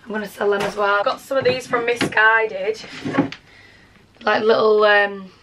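A young woman with a Yorkshire accent chatting excitedly to camera at home as she sorts her things. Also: medium pitch, moderate pace, background noise. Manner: chatty and excitable, talks to camera while sorting. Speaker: vlogger. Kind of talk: casual vlog chat. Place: bedroom at home.

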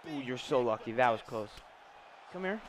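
A young man giving live gameplay commentary, trash-talking his opponent, swearing and erupting into shouts. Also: mid-range voice, animated, moderate pace, slight background noise. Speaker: gaming YouTuber.

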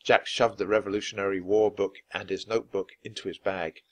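A man narrating a children's chapter book in a clear, measured read-aloud style. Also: sits low, flat delivery. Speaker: storybook reader.

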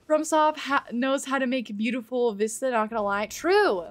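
A woman streaming a game live, excitable, gasping and swearing as she plays. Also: sits high, normal speed, few pauses.

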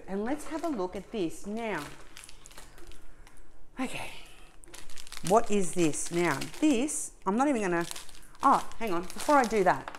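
A woman's voice: mid-range voice, slight background noise. A middle-aged woman hosting a crafting unboxing video, chatting to viewers in a gushing, emotional way and often talking to herself. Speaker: crafting channel host. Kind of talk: casual unboxing chat to viewers.

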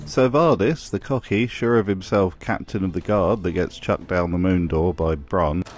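A man's voice: low-pitched, moderate pace, a little hiss or hum. A man giving a scripted narration with dry, wry humour. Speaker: video narrator.

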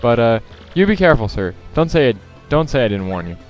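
A man's voice: mid-range voice, sing-song, fairly quick, soft background music, close to an everyday voice. A man voicing a courteous, deferential ship crewman who speaks politely and a little hesitantly. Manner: polite, addresses "sir", hesitant.

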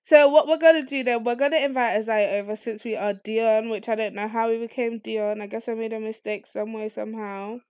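A woman narrates her life-sim game in casual, excitable commentary, swearing freely as she talks to her viewers. Her voice sits a little high. The sound is dry and close, with no room echo. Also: a little fast, few pauses. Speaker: let's play host.

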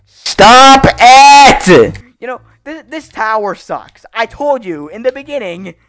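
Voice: medium pitch, sing-song, moderate pace, fairly bright tone, soft background music. A gaming channel host giving gameplay commentary, frustrated and swearing, with raging outbursts.

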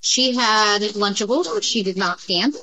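A woman's voice: mid-range voice, unhurried, noisy background. A woman in casual workplace chat, laying out the details of what happened step by step. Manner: detailed, explanatory. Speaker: coworker.

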